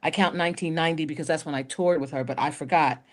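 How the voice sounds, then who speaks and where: A woman, a guest singer, chatting in an interview and telling animated stories. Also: sits low, fast. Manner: animated storyteller, acts out quotes. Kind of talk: casual interview chat.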